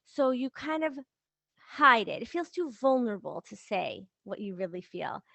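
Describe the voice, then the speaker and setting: A woman who coaches relationships hosts a podcast, chatting casually and acting out everyday examples in lively little voices. Her voice is a little high and creaky, at a normal speed, with no room sound in the recording.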